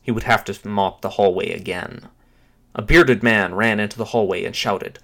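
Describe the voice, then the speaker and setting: A man with a low, gravelly voice narrating an audio short story. He keeps a dry, steady storytelling delivery. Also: normal speed.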